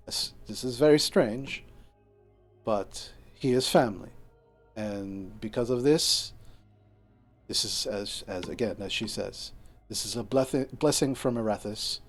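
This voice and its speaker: A man voicing a tall young male knight who speaks slowly and formally in a tabletop game. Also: lowish voice, voice pushed down.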